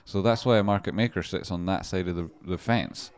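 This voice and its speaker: Deep-voiced rambling livestream trader man. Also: a little fast. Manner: rambling, swearing, laughs often. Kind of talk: casual livestream commentary.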